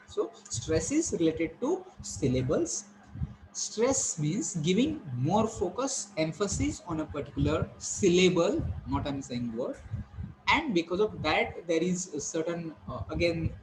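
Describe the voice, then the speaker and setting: A man's voice: fairly high pitch, a little hiss or hum, rough recording. A male teacher, lecturing on English pronunciation, explaining step by step and repeating key points.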